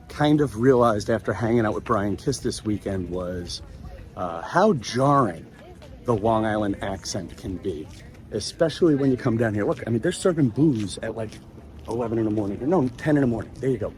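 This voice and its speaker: A man's voice: mid-range voice, slight background noise. A man in his forties hosting a podcast, talking in a joking, rambling way while walking outdoors at a beach and recording on a handheld phone. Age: 40s. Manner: animated, joking, rambling asides. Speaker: podcast host. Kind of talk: walking vlog monologue.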